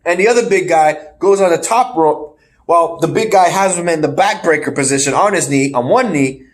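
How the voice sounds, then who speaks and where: A man co-hosting a casual podcast, rambling through a wrestling match recap with animated play-by-play and the odd laugh. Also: on the high side, fairly quick. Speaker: podcast co-host. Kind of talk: casual wrestling review chat.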